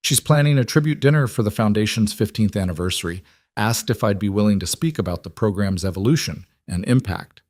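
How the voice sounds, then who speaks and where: A man voicing a composed, reflective woman in a narrated story, speaking in a calm, measured way. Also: on the low side, no room sound, studio quality, lightly acted. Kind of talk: audiobook narration.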